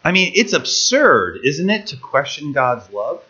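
A man preaching a sermon, pausing for an interpreter and asking the listeners many rhetorical questions. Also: fairly high pitch, very animated, bright, forceful tone. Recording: dull lo-fi recording.

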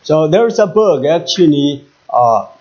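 A man with a Chinese accent preaching in English in short halting phrases, pausing after each for an interpreter. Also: fairly high pitch, lively intonation, darkish tone, highs cut off. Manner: halting, repeats words, pauses for interpreter. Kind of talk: sermon with live interpretation.

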